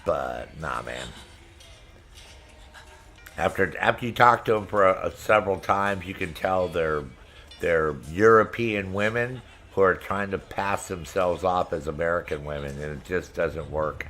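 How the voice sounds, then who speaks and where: This middle-aged gaming streamer has a low, fairly bright voice and talks a little slowly. Chatting casually with his viewers, he's brash and foul-mouthed and laughs a lot.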